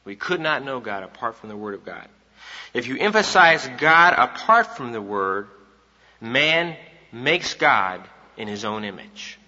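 A man's voice: medium pitch, very animated, a little slow, bright, forceful tone. A man preaching an evening sermon, emphatic and repeating his key points for the congregation. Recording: dull recording in a reverberant hall.

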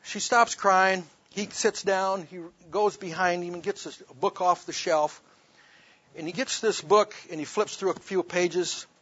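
A man's voice: high-pitched, steady tone, a little slow, fairly bright tone, no room sound. A man preaching, telling a personal story in an emphatic sermon testimony, on a dull lo-fi recording.

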